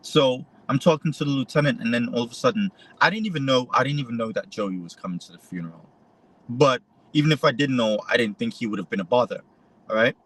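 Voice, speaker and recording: A man talks through a story for an interviewer, in a casual conversational way. He retells the back-and-forth with lively emphasis, switching into the other side's words as he goes. His voice sits at a middling pitch. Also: quick pace, low-quality recording. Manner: animated retelling, voices quoted exchanges. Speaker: interview guest; photojournalist.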